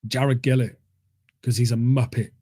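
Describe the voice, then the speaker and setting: A man's voice: medium pitch, level tone, moderate pace, dark tone, no echo, clean studio sound. A man talking football on a fan show, blunt and opinionated, calling people mate. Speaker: co-host of a fan talk show. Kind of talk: casual football chat.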